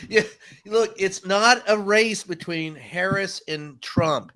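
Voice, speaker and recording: A man's voice: sits high, slow pace, pushed and bright. A man joining a stream as a guest, speaking bluntly with profanity and laughter. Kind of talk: casual political chat.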